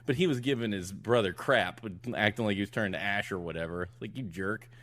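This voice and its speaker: Recapping a movie on a podcast, this middle-aged co-host has a lowish, slightly bright voice and a brisk pace. The chat is casual, and he laughs a lot while performing the characters' dialogue.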